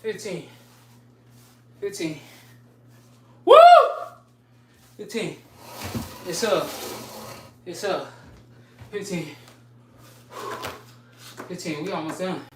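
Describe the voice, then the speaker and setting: Streaming her exercise session, a woman counts push-ups out loud, sighing and out of breath between sets as she trades slangy trash talk. Her voice is on the low side and slow, with long pauses, picked up far from the mic in an echoey room against a noisy background.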